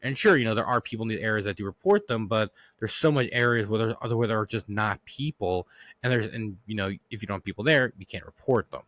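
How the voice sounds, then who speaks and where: A man's voice: lowish voice, fast, a bit bright, no echo, clean studio sound. Rambling man hosting a solo podcast. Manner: rambling, lots of restarts and fillers. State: getting over a cough. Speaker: podcast host. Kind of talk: casual solo podcast monologue.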